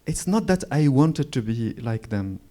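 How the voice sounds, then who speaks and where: Slow-spoken man in his forties. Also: mid-range voice, sing-song, mellow. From Morocco. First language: Moroccan Arabic. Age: 40s. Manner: searching for words, frequent restarts and pauses. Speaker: author speaking at a literary event. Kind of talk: reflective storytelling on stage.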